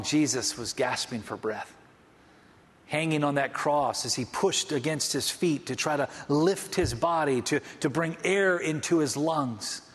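Male pastor, fervent sermon delivery with restarts, higher voice, big hall echo. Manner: impassioned preaching with repeated restarts.

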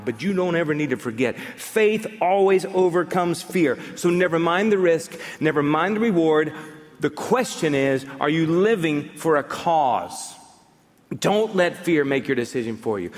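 A man preaching a sermon as a pastor, animated and building to fired-up exhortation. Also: fairly high pitch, normal speed, long reverb tail.

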